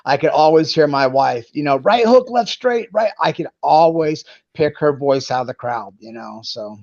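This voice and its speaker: Rambling former fighter, lo-fi. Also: male voice, mid-range voice, steady tone, moderate pace, creaky, a little mellow. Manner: rambling, many restarts and fillers. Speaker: guest, former pro fighter. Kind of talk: casual conversation. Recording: dull lo-fi sound.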